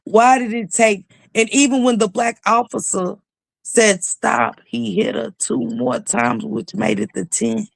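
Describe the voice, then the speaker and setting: Woman, gravelly, dry close sound, emphatic livestream commentary. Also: a little high, expressive, a little slow, no echo. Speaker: YouTube news commentator. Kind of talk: casual livestream chat.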